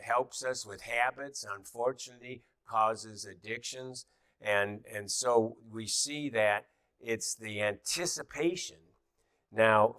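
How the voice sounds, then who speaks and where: A man's voice: mid-range voice, bright, forceful tone, no echo. A middle-aged man teaching a class in an easy, conversational way, with many fillers and restarts and little acted-out quotes.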